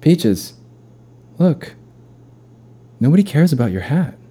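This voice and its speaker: A man's voice: very animated, slow, dark tone, breathy edge, exaggerated voice. A man voicing his brother as a pushy, upbeat Little League coach. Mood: coaxing. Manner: coaxing, brash, high-pitched.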